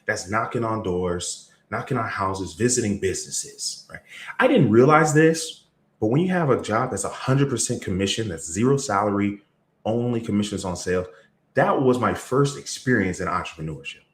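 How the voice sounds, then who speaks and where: A man coaching on sales, telling stories in a motivational talk, energetic, with sudden jumps in pitch and loudness. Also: moderate pace, a little hiss or hum. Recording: roomy echo.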